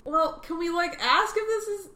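A woman's voice: very high-pitched, lively intonation, normal speed, reverberant, crowd noise. A woman player in a casual tabletop game, playful and questioning.

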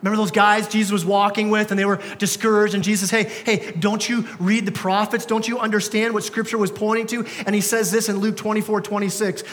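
Here a young pastor preaches in a high, slightly bright voice, his sermon loose and conversational with casual slang and many restarts. It was recorded in a church sanctuary where the hall's reverb lingers.

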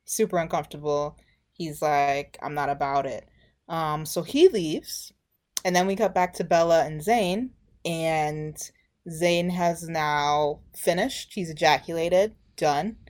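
Animated woman recapping a reality show. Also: low voice, slow. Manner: animated retelling, acting out quotes. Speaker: podcast co-host.

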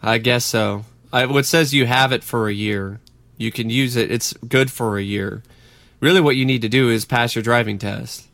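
A man's voice: mid-range voice, fairly even intonation, moderate pace, a bit bright, no room sound. A man co-hosting a podcast, easygoing and plain-spoken. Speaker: podcast co-host. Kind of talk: casual podcast chat.

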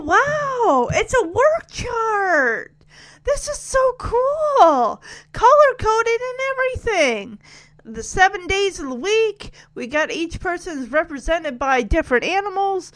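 Bright, lively woman chatting. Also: fairly high pitch. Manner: animated, laughs often, acts out characters' lines. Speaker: video host recapping a TV episode. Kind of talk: casual chatty recap. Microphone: close desk microphone.

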